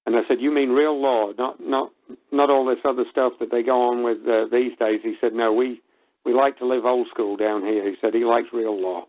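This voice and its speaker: A man's voice: mid-range voice, steady tone, moderate pace. A man on a call-in radio show, retelling a conversation and repeating "I said" as he goes. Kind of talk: casual phone conversation. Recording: tinny phone-line audio.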